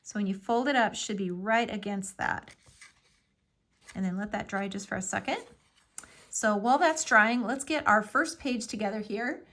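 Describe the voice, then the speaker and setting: A woman's voice: mid-range voice, normal speed, fairly bright tone. A woman giving a casual step-by-step craft tutorial, explaining each move with friendly fillers. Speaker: craft instructor.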